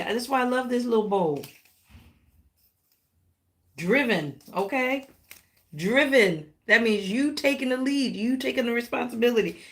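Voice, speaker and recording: Animated woman reading tarot live. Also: fairly high pitch. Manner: affectionate, animated, talks directly to viewers; pet names and playful exclamations. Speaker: tarot reader.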